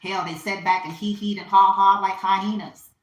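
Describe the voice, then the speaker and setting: A woman's voice: medium pitch, fairly even intonation, moderate pace, dull audio. A woman giving a spiritual reading in a casual, profane and emphatic rant full of repetition. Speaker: spiritual reader. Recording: roomy echo.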